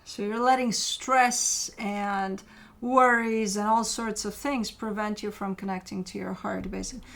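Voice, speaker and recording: A woman's voice: medium pitch, steady tone, a little slow, vocal fry, fairly bright tone. A woman giving a casual tarot reading, speaking candidly and directly to the viewer, swearing freely and arguing with imagined objections. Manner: argues with imagined objections to make a point. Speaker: tarot reader.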